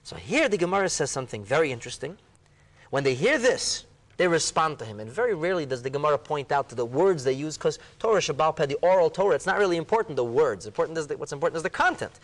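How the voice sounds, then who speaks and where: A man, a rabbi, retelling a Talmud story in a dramatic way, going from hushed to exclaiming and using Hebrew terms. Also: on the high side, very animated, fast talker. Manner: peppers speech with Hebrew and Aramaic terms. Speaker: rabbi leading a Talmud discussion.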